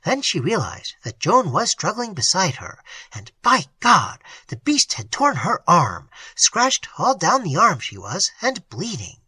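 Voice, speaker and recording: An agitated male clergyman whose sermon-trained voice wavers with feeling, as a narrator puts him on. It rises and falls dramatically, with a bright, breathy tone, in a dry reading. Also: medium pitch, huge pitch swings, a little slow, few pauses, no room sound, voice pushed up, full character voice. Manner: pulpit voice, struggling with emotion. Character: emotional middle-aged male clergyman.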